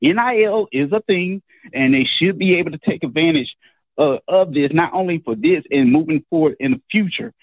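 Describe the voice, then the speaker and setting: A man calls in on a dull, lo-fi line. His voice sits a little high and swings lively up and down, and he talks hesitantly, full of fillers. The sound is dry. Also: moderate pace, no echo. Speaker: caller. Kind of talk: phone-in commentary.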